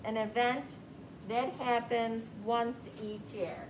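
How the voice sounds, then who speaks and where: Woman teacher, fairly high voice, patient and slow, roomy echo, rumbling background noise. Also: flat delivery. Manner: slow, patient, checking on students. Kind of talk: classroom vocabulary lesson. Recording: echoey room with rumbling noise.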